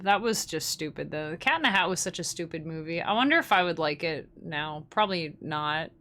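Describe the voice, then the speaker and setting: A woman's voice: low voice, animated, fairly quick, bright, forceful tone. A young woman, hosting a livestream in casual, rambling chat and laughing often. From Canada. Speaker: livestream host.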